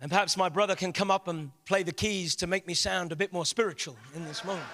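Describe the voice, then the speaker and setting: A man preaching a sermon in a large church hall, impassioned, with rising shouts. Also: high voice, normal speed, long pauses. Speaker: guest pastor.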